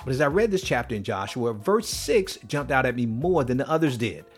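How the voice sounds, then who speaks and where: A man's voice: mid-range voice, expressive, fairly quick, husky, soft background music. A man hosting a devotional podcast, talking in an earnest, preacherly way with light chuckles. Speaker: podcast host.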